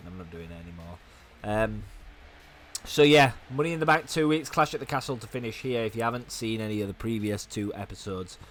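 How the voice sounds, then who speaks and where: Young guy losing his voice, rambling commentary on a wrestling game, lowish and hoarse. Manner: fast, chatty rambling. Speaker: gaming YouTuber.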